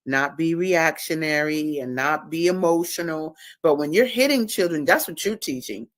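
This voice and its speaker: A woman's voice: sits low, lively intonation, moderate pace, no echo. A woman hosting a livestream and talking about her own book in a casual, emphatic, preachy way, repeating words for stress. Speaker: host and author.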